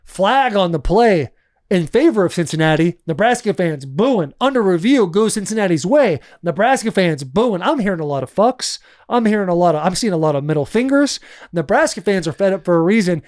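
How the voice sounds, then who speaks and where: A man's voice: high-pitched, a little fast. A man co-hosting a podcast, telling stories in casual chat and acting out what people said, cursing freely. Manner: animated storyteller acting out quotes, swears freely. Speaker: podcast co-host.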